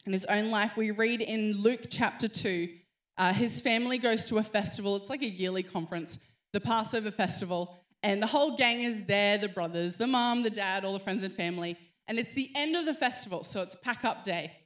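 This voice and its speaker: A woman in her thirties preaching a sermon, telling a story with animated acted-out voices. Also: mid-range voice, a little fast. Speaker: pastor.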